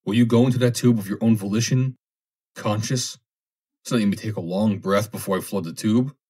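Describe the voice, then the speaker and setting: A man reading an audiobook, voicing a grim, hard-bitten submarine officer with a low, menacing delivery. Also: fairly quick, darkish tone, breathy edge. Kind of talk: audiobook character voice.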